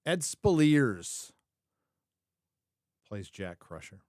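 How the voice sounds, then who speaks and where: Male livestream host, mid-pitched, opinionated and rambling, close dry sound. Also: sing-song, drawn-out words, darkish tone, dry recording. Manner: opinionated, repeats his own phrases for emphasis; rambling, thinks aloud, frequent self-corrections. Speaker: show host reviewing a TV series. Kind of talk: casual livestream commentary.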